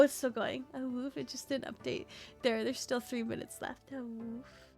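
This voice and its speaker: A young woman streaming a game live, chatting casually and excitably, swearing and tacking on a playful "woof". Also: on the high side, moderate pace, faint music behind.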